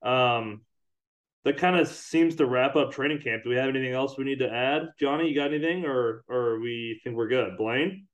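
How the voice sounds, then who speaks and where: A man hosting a casual sports podcast, easygoing and quick to laugh. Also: medium pitch, lo-fi sound. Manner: easygoing, laughs often, wraps up the show. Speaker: podcast host.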